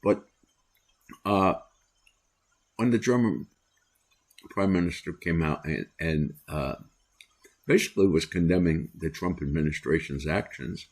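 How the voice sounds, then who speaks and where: An older American man hosting a solo commentary, talking in a deliberate, opinionated way with many "uh" pauses. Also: sits low, slightly rough. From United States. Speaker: commentary host.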